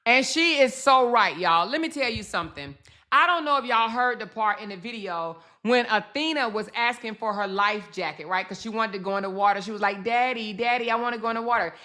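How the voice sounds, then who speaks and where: A woman's voice: mid-range voice, a little fast, bright, forceful tone. A woman hosting a reaction commentary, fired up and emphatic, swearing and acting out what others said. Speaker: commentary host.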